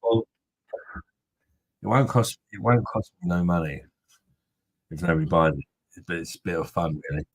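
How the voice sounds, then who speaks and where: Husky, deep-voiced man. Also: expressive, moderate pace, pauses often, no echo, rough recording. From Kent, England. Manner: bantering, crude jokey chatter with viewers. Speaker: host of a beer review live stream. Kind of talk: casual live-stream chat.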